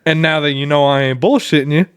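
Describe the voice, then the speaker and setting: A man's voice: a little high, quick pace, clear, resonant tone, dry recording, studio quality. A man co-hosting a podcast, chatting casually and telling rambling stories, swearing freely. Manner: loose, profanity-heavy, rambling. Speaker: podcast co-host. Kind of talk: casual chat and storytelling.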